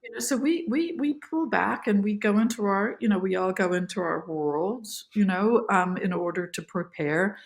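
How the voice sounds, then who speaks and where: An actress as a podcast guest, telling emotional behind-the-scenes stories in a lively, filler-filled way. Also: female voice, medium pitch, moderate pace, creaky, hardly any pauses. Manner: animated, emotional, many fillers. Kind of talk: casual interview storytelling.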